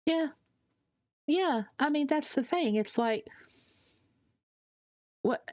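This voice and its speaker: A woman from Tennessee, chatting casually on a live stream, rambling and halting with fillers as she reads out chat messages. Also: sits high, lively intonation, darkish tone, no room sound, lo-fi sound. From Tennessee, USA.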